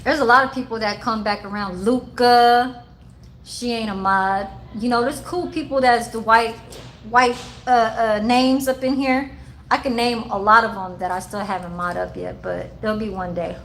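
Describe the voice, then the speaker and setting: Talking with her chat on a livestream, a woman in her forties tells childhood tales full of swearing and laughter. She speaks at normal speed in a fairly high, fairly even, brightish voice. The recording is low quality with some hiss or hum.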